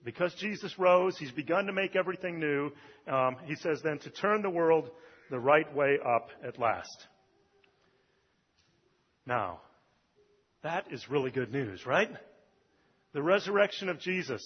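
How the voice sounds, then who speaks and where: A man's voice: fairly high pitch, expressive, measured pace, long pauses, husky. A male pastor giving a sermon in a conversational way, with "um" and "uh" between thoughts. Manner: conversational preaching with fillers. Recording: dull, lo-fi recording with long hall reverb.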